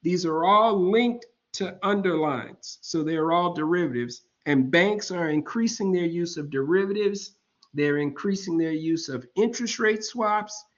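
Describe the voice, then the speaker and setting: Man, fifties, lecturer, slow drawn-out delivery, slightly high voice, muffled lo-fi computer-mic sound. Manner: slow, deliberate explaining, keeps checking in with "all right?"; informal and joking asides. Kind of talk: online lecture.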